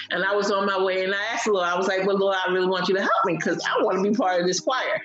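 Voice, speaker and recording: A woman telling a personal faith testimony in a casual, animated way on a broadcast. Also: mid-range voice, echoey room, lo-fi sound. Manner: animated storyteller, laughs and cries while recalling. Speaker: guest sharing testimony.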